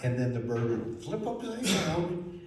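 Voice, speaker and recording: A man telling a children's story in a lively way, asking the listeners questions. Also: fairly high pitch, measured pace. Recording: very echoey room, mic far off, faint noise.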